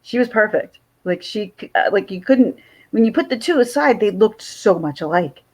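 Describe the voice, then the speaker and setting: A woman chatting as a guest in an earnest, halting way. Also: mid-range voice, expressive, a little mellow, low-quality recording. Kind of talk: casual chat.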